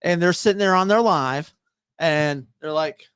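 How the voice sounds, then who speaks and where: A man chatting casually as a podcast co-host, tripping over his words and restarting often. His voice sits a little high for a man. It is recorded close and dry, with no room sound. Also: unhurried, fairly bright tone, clean tone, dry recording. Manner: rambling, stammers and restarts a lot. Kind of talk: casual chat over drinks.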